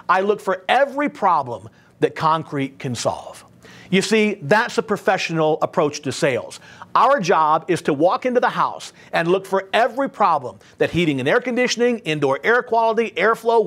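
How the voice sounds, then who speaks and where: A man with a high, bouncy voice coaches service contractors on selling. He tells stories with plenty of emphasis and keeps checking in with "right?". His pitch swings widely from line to line. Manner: emphatic storyteller, tags points with "right?". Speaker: sales trainer for home service contractors. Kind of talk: motivational sales training talk.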